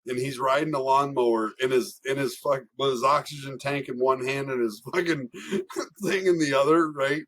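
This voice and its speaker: A young man, a racing driver guest, telling stories in a casual, animated way, laughing often and swearing freely. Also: mid-range voice, normal speed. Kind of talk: casual storytelling.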